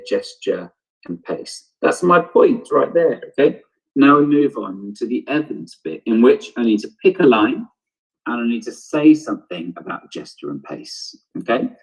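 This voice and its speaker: A man's voice: on the low side, slightly rough, rough recording. A man teaching an online drama lesson, explaining step by step and thinking aloud. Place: home, on a video broadcast.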